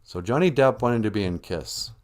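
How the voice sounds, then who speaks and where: A man with a lowish voice hosting a livestream and telling a comedic story as he makes it up. His delivery is rambling and playful. His pitch swings widely as he jumps between narration and goofy character voices. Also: expressive, moderate pace. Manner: rambling, jokey, slips into silly voices for characters. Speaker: livestream host.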